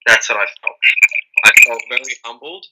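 A man's voice: normal speed, heavy background noise. A young man, a rapper, telling the story of his reaction in a casual interview, acting out his own surprised exclamations. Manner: animated, acts out his own reactions with sudden high-pitched exclamations.

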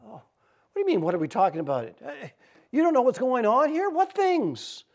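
A man's voice: fairly high pitch, very fast, creaky, heavily acted. A man playing a baffled, incredulous traveler. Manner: incredulous, excited retelling. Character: bewildered male traveler, baffled and earnest.

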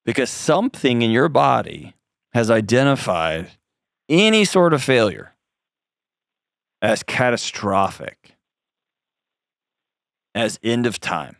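A man's voice: medium pitch, big pitch swings, slow pace, vocal fry, long pauses, no echo, clean studio sound. A man hosting a call-in advice show, coaching a caller in an earnest, direct way with frequent restarts.

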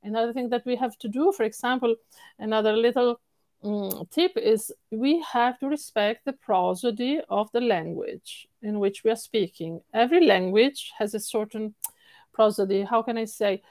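A woman with an Italian accent, a singing coach answering interview questions in an animated way, repeating words for stress and laughing often. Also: a little high, normal speed, no echo.

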